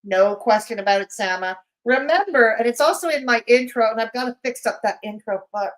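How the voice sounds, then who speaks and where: A woman runs a live commentary stream, her voice sitting high. She talks back to the clips with sarcastic, mocking jabs. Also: animated, fairly quick, low-quality recording. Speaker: commentary channel host.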